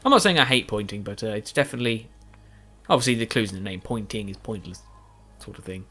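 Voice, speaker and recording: A man's voice: lowish voice, big pitch swings, fast, bright, forceful tone. A man giving rambling, self-deprecating post-recorded commentary over a video game, tired and yawning late at night. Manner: meandering, self-deprecating, many restarts and fillers. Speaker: gaming YouTuber.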